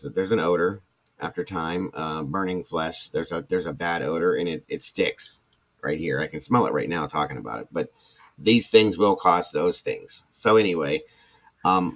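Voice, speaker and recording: A middle-aged man, a former firefighter and paramedic, talking candidly to viewers in a rambling way, full of restarts and asides. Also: low voice. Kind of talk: casual talk to viewers.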